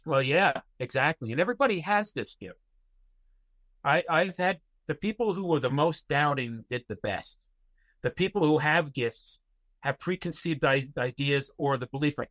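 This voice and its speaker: A man's voice: medium pitch, normal speed, a bit bright, no echo. A man guest on a podcast, telling personal stories in a rambling way with many fillers and restarts. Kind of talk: casual interview storytelling.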